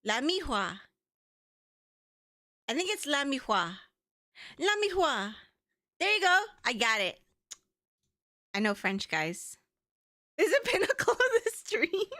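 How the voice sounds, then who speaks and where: A woman's voice: high voice, wildly swooping pitch, a little slow, pauses often, pushed and bright, no echo, studio quality. A young woman chatting playfully and giggling with her viewers while streaming a game. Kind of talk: casual livestream chat.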